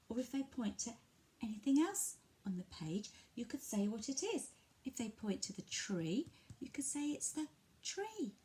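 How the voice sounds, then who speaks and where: Patient English woman guiding parents. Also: a little high. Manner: gentle, patient, repeats words in a bright sing-song voice when modelling for children. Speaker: family centre early language worker. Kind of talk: instructional talk to parents, demonstrating a picture book.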